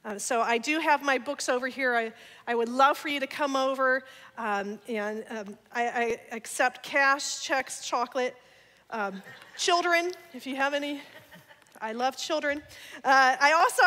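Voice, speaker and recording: A woman giving an energetic church talk, sharing personal testimony with laughter and playful asides. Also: high-pitched, moderate pace. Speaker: guest speaker. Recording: long church hall reverb.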